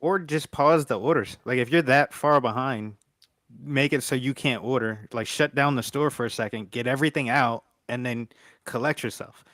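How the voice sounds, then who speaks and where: A man's voice: medium pitch, moderate pace, a bit bright, no room sound, studio quality. A man co-hosting a casual panel talk, giving direct, practical suggestions. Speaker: podcast co-host.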